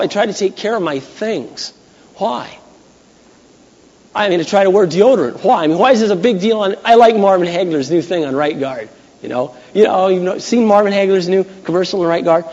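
Brief: male pastor, sermon, storytelling with forceful peaks, lo-fi 1980s church recording. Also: high-pitched, fairly quick. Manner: conversational storytelling, rising to loud emphatic peaks. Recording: dull 1980s church recording with long hall echo.

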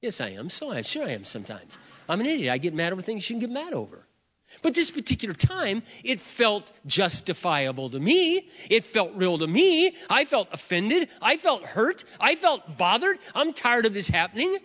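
With big pitch swings and a pushed, bright high voice at a moderate pace, a middle-aged pastor preaches. He tells a personal story with self-deprecating humor, playing both parts of a prayer, and the sound is muffled in a big reverberant hall.

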